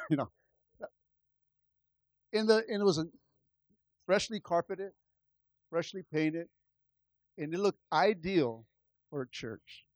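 A man, a pastor, telling a personal testimony in a lively storytelling way, acting out the dialogue. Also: a little high, slow, pauses often, no room sound. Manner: animated, acts out dialogue in his story. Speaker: pastor starting a church.

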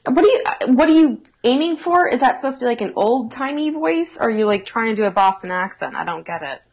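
A woman's voice: on the high side, lively intonation, fast talker, muffled recording. A young woman co-hosting a casual chat podcast, dry and sarcastic, teasing her co-hosts with exasperated remarks. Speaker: podcast co-host.

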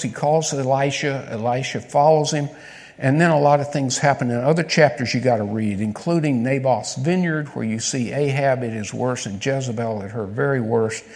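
A man's voice: medium pitch, a little mellow. A man preaching a conversational sermon, telling a story and asking his listeners questions. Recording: long reverb of a large hall.

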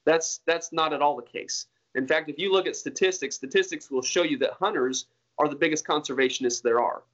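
A man's voice: on the high side, fairly quick, a bit bright, highs cut off. A man being interviewed about hunting, talking in an earnest, rambling way with many restarts. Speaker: hunter guest. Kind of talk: casual interview talk.

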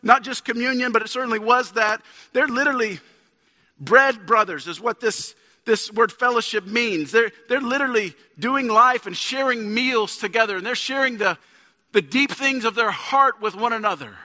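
A pastor in his thirties delivers a casual, conversational sermon that climbs into emphatic bursts. His voice sits high and sounds crisp and bright. Long reverb from the church hall trails behind each phrase. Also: moderate pace. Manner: conversational preaching, rising to emphatic peaks. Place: church sanctuary.

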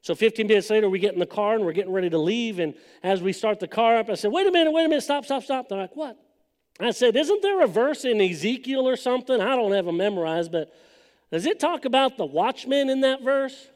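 A middle-aged male preacher with a notably high voice, telling a personal story from the pulpit and building to fervent emphasis. The sound rings with a long reverb, as in a large church hall. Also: lively intonation, a little fast, a little mellow. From California. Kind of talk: sermon testimony.

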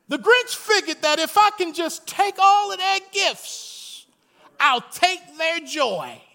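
A high-pitched male pastor, preaching in a lively, storytelling way. His tone is piercingly bright and his pitch swings widely as he builds from chatty humor to shouted praise. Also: takes it slowly, creaky. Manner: animated preaching, rising to shouts. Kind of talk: sermon.

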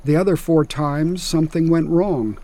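A man giving a scripted first-person narration in a measured, matter-of-fact way. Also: a little high, warm tone.

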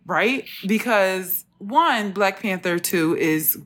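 A woman's voice: mid-range voice, slow pace. A woman hosting a podcast, chatting casually and retelling stories with lots of laughter. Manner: laughing storyteller, animated retelling. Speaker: podcast host. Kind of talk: casual chat.

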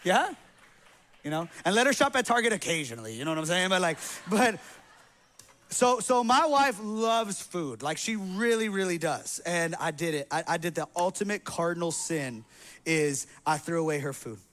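A man's voice: high-pitched, expressive, normal speed, a bit bright. A male pastor preaching a sermon, telling a humorous personal story in a casual, slangy, conversational way to his congregation in a church. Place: church sanctuary.

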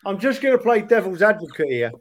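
A man's voice: high-pitched, very animated, fast. A man on a football podcast call who argues his point with long rhetorical questions. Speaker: podcast co-host. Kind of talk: casual football chat.

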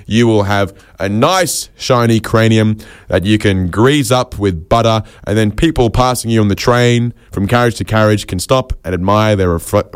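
A man delivering a rambling comic monologue full of quick asides and self-mocking jokes. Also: lowish voice, clean tone, dry recording, clean studio sound. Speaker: comedian host.

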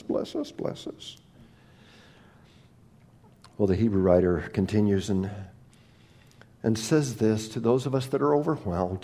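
Animated preaching man, lively pitch. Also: creaky. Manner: animated preaching, swinging between hushed and loud, mocking prayers. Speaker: pastor. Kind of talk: sermon.

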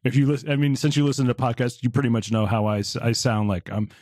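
A man's voice: medium pitch, flat delivery, fast, darkish tone, no echo, studio quality. A man from New Jersey co-hosting a podcast, asking long rambling questions in a casual conversational way. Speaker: podcast co-host. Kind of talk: conversational interview.

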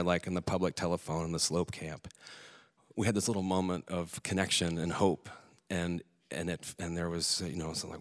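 Man telling a candid personal story. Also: deep voice. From Alaska. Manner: candid, earnest, with casual swearing and restarts.

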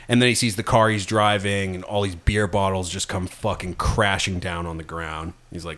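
A young man hosts a laid-back chat, walking through a film scene by scene while swearing and laughing often. His voice is deep yet fairly bright, at a normal speed.

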